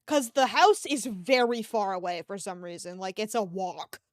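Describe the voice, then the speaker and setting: A young-sounding woman talks loosely into a desk mic, her pitch jumping up and down as she rambles through a story and swears along the way. The sound is close and dry, with no room around it. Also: animated, moderate pace, no echo. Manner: rambling, swears freely, laughs often. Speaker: art streamer. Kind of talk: casual livestream chat. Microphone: desk microphone.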